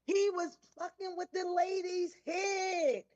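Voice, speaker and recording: A woman's voice: very high voice, fairly even intonation, a little slow, a little mellow, lo-fi sound. A woman co-hosting an internet radio show, chatting casually, laughing and swearing freely as she reads out a word of the day. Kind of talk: casual banter.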